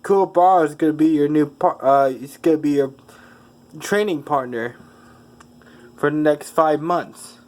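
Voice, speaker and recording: A man's voice: a little high, unhurried, pauses often, darkish tone, lightly acted. A man voicing a stern old woman martial arts master who speaks curtly and scolds. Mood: scolding. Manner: curt, scolding.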